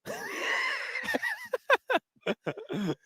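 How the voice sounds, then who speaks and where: A man's voice: extremely high pitch, wildly swooping pitch, extremely slow, pushed and bright, dry recording, shouting, studio quality. A male radio co-host at a live arena broadcast, joking playfully, laughing easily and digging in on a pronunciation. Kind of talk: casual radio banter.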